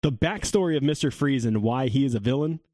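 A man's voice: mid-range voice, expressive, quick pace, warm tone. A man hosting a casual podcast chat, rambling with lots of fillers.

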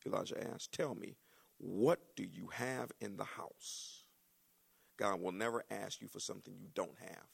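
A male pastor, preaching a sermon with folksy asides that build into shouting excitement. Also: on the low side, measured pace, vocal fry, slightly rough.

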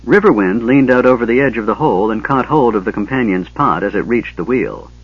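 A man reading a fantasy story aloud as a steady narrator. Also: medium pitch, brisk, breathy edge, dull audio. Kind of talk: scripted narration.

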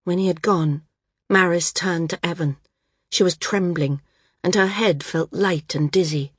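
A woman narrates a novel in a measured, even manner. Her voice is lowish and husky. The recording is dry and close. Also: no room sound. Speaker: audiobook narrator. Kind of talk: scripted narration.

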